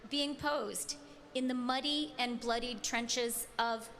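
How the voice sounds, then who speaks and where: A woman politician with a fairly high voice delivers a formal prepared speech. She speaks in a measured, rhetorical way, posing broad questions. A faint hiss sits behind her voice. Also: steady tone, fairly bright tone.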